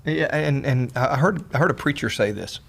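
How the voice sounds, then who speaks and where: A middle-aged man co-hosting a casual talk on marriage, earnest and often halting over repeated words. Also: medium pitch, lively intonation, gravelly, husky. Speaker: podcast co-host, husband. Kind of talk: casual conversation about marriage.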